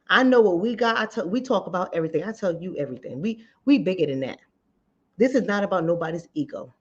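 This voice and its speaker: Animated woman telling a story on a lo-fi recording. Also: lowish voice. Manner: animated storytelling, addresses ladies and fellas directly. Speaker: relationship coach and channel host. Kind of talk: casual talk-to-camera commentary. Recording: dull lo-fi sound.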